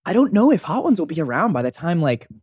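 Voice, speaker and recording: A young man co-hosting a podcast, telling stories in a rambling, animated way with lots of fillers. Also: on the high side, fast, slightly rough, no room sound, studio quality. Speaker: podcast co-host. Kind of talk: casual chat.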